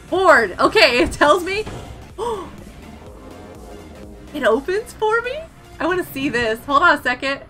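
Young female streamer, giggly and excitable, high voice, unhurried pace. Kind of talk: live gameplay commentary. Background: game music.

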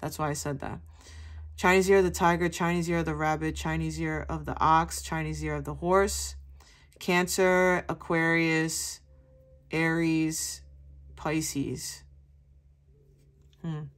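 Tarot reader, woman, low-pitched voice, casual and chatty delivery with a loose mouth. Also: fairly even intonation, slow pace, pauses often. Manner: chatty, casual, addresses viewers as baby. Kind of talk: casual spoken tarot reading.

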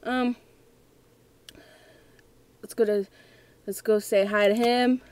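A woman's voice: fairly high pitch, steady tone, takes it slowly, darkish tone, no room sound. A young woman playing a scary game at home, talking nervously and giggling to herself. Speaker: gamer. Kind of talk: let's play commentary.

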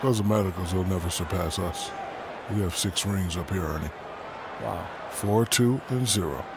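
Joking hoops analysts at a studio desk, game audio from afar, noisy. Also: male voice, low voice, moderate pace. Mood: bantering. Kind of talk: scripted studio banter.

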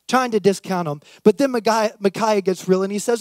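A man, a youth and worship pastor, preaching a sermon and reading scripture aloud with lively, acted-out emphasis. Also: very high voice, normal speed, dry recording.

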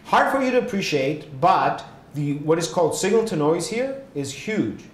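Middle-aged male science lecturer, slightly high voice, roomy hall with faint rumble behind. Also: big pitch swings, normal speed. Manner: explanatory, frequent "right?" and "okay?" check-ins.

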